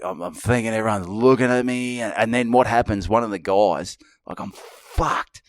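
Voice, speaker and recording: Australian man, middle-aged, lowish voice, dry close sound, rambling sweary anecdote. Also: no echo. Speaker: podcast co-host. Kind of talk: casual storytelling chat.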